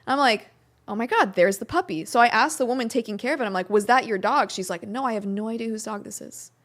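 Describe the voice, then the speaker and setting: A woman's voice: fairly high pitch, quick pace, fairly bright tone. A young woman, a podcast guest, telling a story in a casual interview, acting out quotes and using many "like" fillers.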